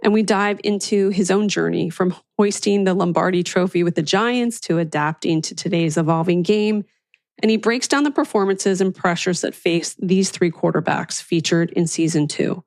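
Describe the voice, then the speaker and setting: A woman's voice: on the low side, moderate pace, a little mellow, no room sound. A woman hosting a podcast, reading an enthusiastic scripted intro and then interviewing a guest. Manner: enthusiastic, upbeat. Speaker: podcast host.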